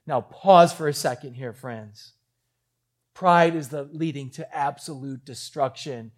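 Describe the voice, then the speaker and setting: A male pastor preaching a sermon with animated storytelling, acting out quotes. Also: medium pitch, unhurried.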